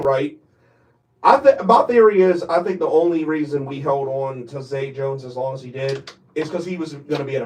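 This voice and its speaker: Rambly hyped-up guy cohosting sports chat, sounds kinda far from the mic. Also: mid-range voice. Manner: rambling, excitable, many restarts. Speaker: co-host of a sports talk show.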